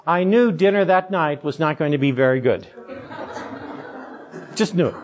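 A male pastor giving a sermon in a conversational, storytelling way, with self-deprecating humor. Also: a little high.

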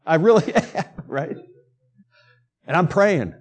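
Conversational man preaching, somewhat high voice. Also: expressive, slow pace, slightly rough. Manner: conversational preaching with self-deprecating humor; drops to hushed, quiet tones. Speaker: pastor. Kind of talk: sermon.

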